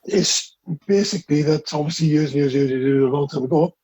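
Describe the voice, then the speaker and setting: A man co-hosting a podcast, quick and mocking, with swearing in casual banter. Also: on the high side, mellow, a little hiss or hum, rough recording. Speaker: podcast co-host asking quiz questions.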